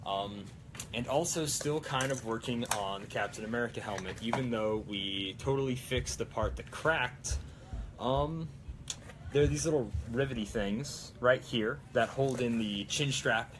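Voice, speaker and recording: A man's voice: medium pitch, a little slow, noisy background. A young man hosting a prop-building live stream, chatting casually and rambling with plenty of fillers. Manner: rambling, lots of fillers and restarts.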